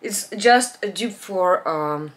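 A woman, chatting casually in a home vlog, rambling with restarts and letting her voice trail off low and quiet. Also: animated, takes it slowly. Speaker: beauty vlogger. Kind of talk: casual perfume haul chat. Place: home, natural light.

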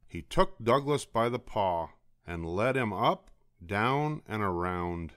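An older man reading a children's picture book aloud as a bedtime story, slow and expressive. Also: fairly low pitch, clean tone, dry recording, studio quality.

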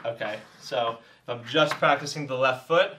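A man's voice: medium pitch, moderate pace, distant mic, very noisy. Breathless man teaching a dance step. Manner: encouraging, laughs often, counts out beats. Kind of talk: casual tutorial while demonstrating steps.

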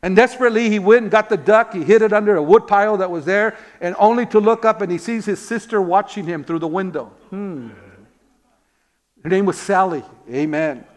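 A man's voice: sits high, a little fast. A man preaching a sermon as pastor, telling stories, asking rhetorical questions and calling out amen. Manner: repeats words when searching for them.

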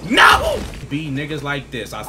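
A young man commentating his own gameplay live, hyped up, shouting trash talk at opponents and laughing and joking to himself. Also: fairly high pitch, sing-song, moderate pace, very noisy. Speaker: gaming video creator. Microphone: desk mic with face cam. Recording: game sounds loud behind the voice.

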